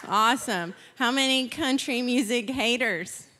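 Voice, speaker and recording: A woman's voice: fairly high pitch, unhurried, pushed and bright, a little hiss or hum. A woman hosting a church service, giving the welcome and announcements in a bubbly, casual, enthusiastic way. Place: church auditorium. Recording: long reverb of a large hall.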